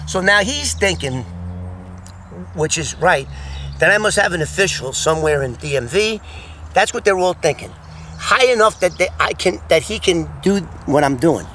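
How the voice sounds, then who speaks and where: A man in his sixties telling a story from his own past, animated and casual, often repeating words as he goes. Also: high-pitched, moderate pace, a little hiss or hum. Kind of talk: casual first-person storytelling.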